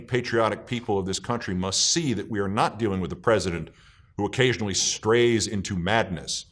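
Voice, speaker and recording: A man delivering scripted political commentary, emphatic and scornful, slowing down to stress key words. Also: lowish voice, fairly bright tone.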